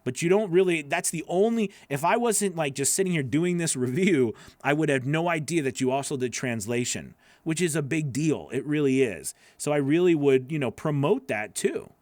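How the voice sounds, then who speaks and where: A man's voice: on the high side, expressive, moderate pace, few pauses, a little mellow, no room sound. A man coaching voice-over artists, reviewing their work live in a chatty, encouraging way with lots of fillers.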